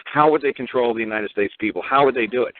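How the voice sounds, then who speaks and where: Over tinny phone-line radio audio, this talk show host from Brooklyn, New York, runs a call-in program. His voice sits at medium pitch and moves quickly as he goes on a meandering, foul-mouthed rant, circling back to the same points.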